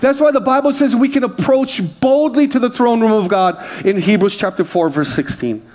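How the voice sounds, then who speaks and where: A man's voice: very high-pitched, moderate pace. A middle-aged man preaching a sermon as pastor, telling funny stories and acting out voices as he goes. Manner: animated storyteller, acts out voices, laughs along.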